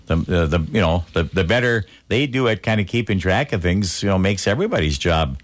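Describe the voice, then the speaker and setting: A man's voice: low voice, animated, a little fast, dry recording. An older man hosting a radio talk show, chatting casually with many restarts and fillers. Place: radio studio.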